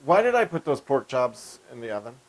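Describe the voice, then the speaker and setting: Playful man with a lively, bouncing voice. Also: mid-range voice, brisk, rough recording. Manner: playful, joking, excitable. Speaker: co-host, taster. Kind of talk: casual cooking show banter.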